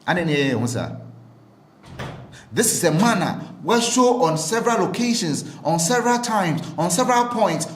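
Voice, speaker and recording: Emphatic Ghanaian man, high-pitched and echoey. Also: fairly bright tone. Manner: emphatic, repeats phrases, rhetorical questions. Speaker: political commentator. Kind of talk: impassioned political commentary.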